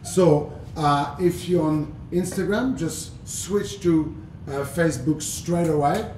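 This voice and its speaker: A man with a French accent chats his way through a live cooking demo, playful and loose. His voice sits a bit high, picked up from a distance, and echoes around the room. A low rumble runs underneath. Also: slow, darkish tone. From France. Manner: chatty and playful, many fillers. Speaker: chef hosting a cooking livestream. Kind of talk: casual live cooking demonstration.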